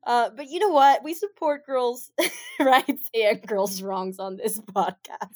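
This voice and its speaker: A woman's voice: a little high, big pitch swings, slow pace, darkish tone. A woman co-hosting a podcast in casual chat, blunt and profane, laughing often. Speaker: podcast co-host.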